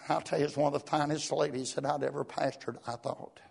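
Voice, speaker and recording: A man preaching a fervent sermon, talking in a rhythmic flow peppered with "uh" and "praise God" and rising to shouts at times. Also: on the high side, fairly even intonation, fast, vocal fry, slightly rough.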